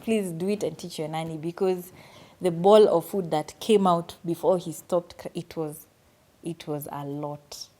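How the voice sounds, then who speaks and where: A young woman telling a personal story on her vlog in an earnest, animated way. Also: on the low side, unhurried. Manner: earnest, animated retelling with quoted asides. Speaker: vlogger.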